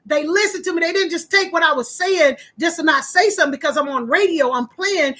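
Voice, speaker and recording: A woman who once hosted a radio show, casually telling a story to her viewers and acting out the voices she quotes. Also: a little fast. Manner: animated, acts out quoted voices with big pitch jumps. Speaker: former radio host.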